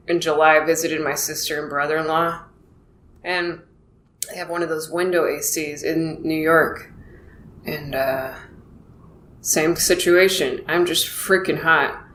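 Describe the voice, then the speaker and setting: A woman's voice: on the low side, a bit bright. A woman in her thirties, rambling casually through a solo comedy monologue, acting out quoted exchanges in a self-deprecating way. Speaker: comedian podcast host. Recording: echoey room with faint noise.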